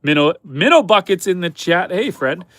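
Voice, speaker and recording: Canadian homestead guy on a livestream, stuffed up from a cold, bit higher voice, dry close sound. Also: big pitch swings, moderate pace, fairly bright tone, no echo. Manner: chatty and upbeat, talks to chat and animals. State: head cold, stuffy and slightly hoarse. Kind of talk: casual livestream chat reading viewer comments. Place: chicken coop on a homestead.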